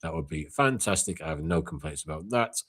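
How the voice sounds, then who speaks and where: A young man hosts a casual call-in chat in a low, deep voice. He talks bluntly and swears freely, with rants that break into loud outbursts. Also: animated, fairly quick. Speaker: live call-in show host.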